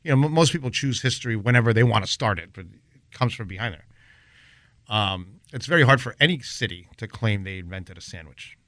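Bright-voiced animated man telling stories. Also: fairly quick, no echo, clean studio sound. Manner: animated storyteller, mimics people in high voices. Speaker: guest chef. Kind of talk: casual podcast chat.

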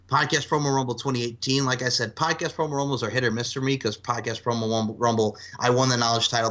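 A man's voice: medium pitch, bright, forceful tone, dull audio. A man in his twenties talking casually on a podcast, long-winded and swearing freely. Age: 20s. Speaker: podcast host.

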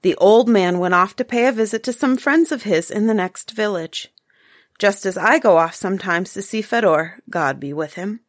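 Woman, storyteller, gentle fairy-tale reading, dry close sound. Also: mid-range voice, moderate pace, no room sound. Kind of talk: fairy tale read aloud.

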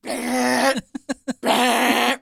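A young woman telling a story in casual chat, animated and laughing, swearing freely. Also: a little high, drawn-out words, vocal fry, husky, no room sound, clean studio sound.

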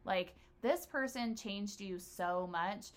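A woman's voice: mid-range voice, takes it slowly. A woman hosting a casual chat, telling personal stories in a blunt, profane way.

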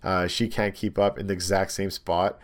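A young man casually telling a long, animated story, full of ums and likes. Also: sits low, normal speed.

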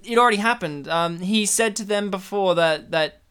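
A man's voice: high voice, moderate pace, sharp tone, clear, resonant tone. A man chatting casually while watching a film, rambling and acting out silly imagined scenes. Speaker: podcast co-host. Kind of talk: casual film commentary chat.

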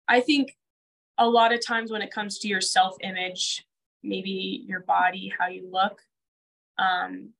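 A woman's voice: medium pitch, creaky, fairly bright tone, poor audio. A woman co-hosting a casual conversation, talking earnestly with lots of "like" fillers. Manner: earnest, filler-heavy with frequent "like". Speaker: co-host.

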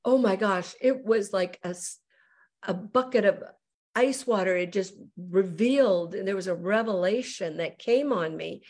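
Guesting on a show, a middle-aged woman evangelist recounts her personal testimony with lively energy, voicing each person she quotes. She speaks a little slowly in a mid-range voice.

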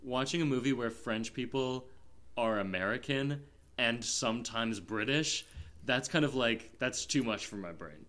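Unhurried, with a medium pitch and a sharp tone, a man co-hosts a film podcast and reviews films. His talk is casual chat that rambles and leans heavily on fillers.

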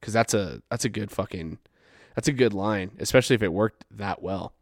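Rambling, laid-back young man, low voice. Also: brisk, dry recording, clean studio sound. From Farmington, New Mexico, USA. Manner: rambling, swears freely, lots of fillers, laughs at his own stories. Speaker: podcast host. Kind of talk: casual storytelling. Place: couch at home.

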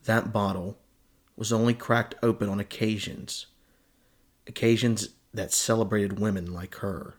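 A man narrating a dark fantasy story in a steady, descriptive reading. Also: fairly low pitch, unhurried.

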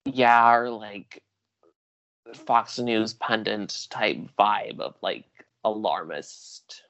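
A man who is a podcast guest in casual chat, excitable and rambling with frequent restarts. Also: on the low side, very slow, lo-fi sound.

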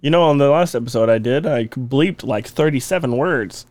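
A man's voice: medium pitch, darkish tone, dry recording. A man co-hosting a podcast, joking and teasing in casual chat and laughing often. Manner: playful, teasing, quick to laugh. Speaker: podcast co-host.

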